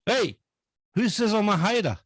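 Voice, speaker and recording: Teasing man, lively pitch. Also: moderate pace, no echo, studio quality. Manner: teasing, loud, repeats "mate". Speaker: panelist on a hobby chat stream. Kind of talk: casual banter.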